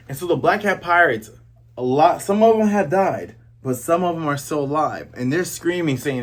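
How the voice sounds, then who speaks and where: A man hosting a casual, jokey comic chapter review, recapping scenes with excited asides. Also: a little high, normal speed. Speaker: host.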